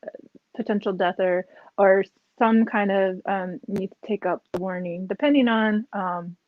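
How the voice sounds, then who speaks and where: Brief: woman host on a video call, halting delivery full of ums, dry close sound, slightly muffled. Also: mid-range voice, fairly even intonation, no echo. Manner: halting, many ums, friendly. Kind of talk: casual online event hosting.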